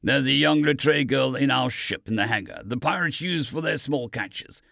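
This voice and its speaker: A man's voice: medium pitch, normal speed, pushed and bright, no echo, studio quality. A man voicing a blunt, menacing furry alien soldier in an audiobook, growling his questions. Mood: gruff. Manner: growling, gruff interrogation.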